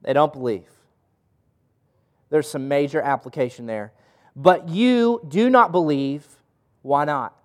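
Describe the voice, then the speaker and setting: A man preaches to a gathered group, throwing question after question at them. His voice sits high and he speaks slowly. The sound carries a long reverb. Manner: asks the audience questions. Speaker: pastor. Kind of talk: interactive Bible teaching.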